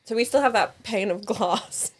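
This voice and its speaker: A woman's voice: medium pitch, moderate pace, a crowd in the background. A woman player chatting in a tabletop game, thinking aloud with some hesitation. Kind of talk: casual chat during tabletop game.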